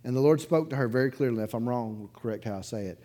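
This pastor, a man with a medium-pitched voice and a quick pace, preaches in his church sanctuary to the gathered congregation. He recounts a story in an easygoing, conversational style, chuckling as he goes and moving from loud bursts to quiet asides.

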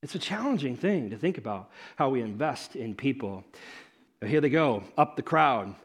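A man preaching a sermon in an animated, conversational storytelling way, swinging between loud emphasis and hushed moments. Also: medium pitch, moderate pace, slightly rough. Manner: conversational, with fillers like "like" and "okay".

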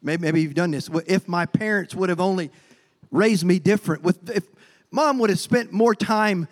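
A man's voice: high voice, normal speed. A male pastor preaching a folksy sermon, stumbling over repeated words and acting out quotes. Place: church sanctuary. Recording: long hall reverb.

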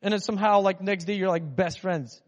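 His voice sits high and moves fairly quickly as this preacher from Russia gives a rambling, conversational sermon. Chatty in manner, he acts out inner voices, and the recording sounds dull with a long hall reverb.

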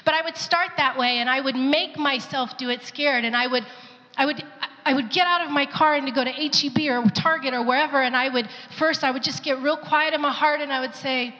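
A woman's voice: high voice, a little fast, pushed and bright, long reverb tail, muffled recording. A woman sharing an earnest testimony in a church service, now and then acting out the voices of people she quotes. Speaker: pastor's wife sharing testimony. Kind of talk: sermon testimony.

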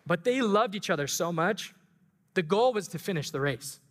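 A man preaching a sermon, telling a story with emotion and rising excitement, then leading communion and prayer. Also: high-pitched, moderate pace. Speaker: pastor and school track coach. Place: church sanctuary. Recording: long hall reverb.

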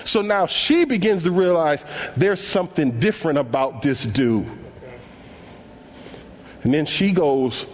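This sermon comes from a man with a voice on the high side at a moderate pace, speaking African American English. He acts out dialogue in everyday slang as he tells lively stories, and the recording carries long hall reverb.

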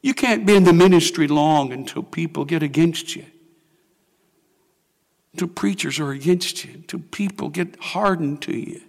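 An older man with a fairly high, creaky voice preaches a sermon as pastor at a normal speed, acting out people's prayers in quoted voices. The church sanctuary gives it a long hall reverb.

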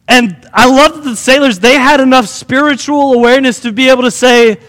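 A man preaching a sermon in an animated way, acting out the scenes he tells. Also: extremely high pitch, fairly quick, hardly any pauses, big-room sound.

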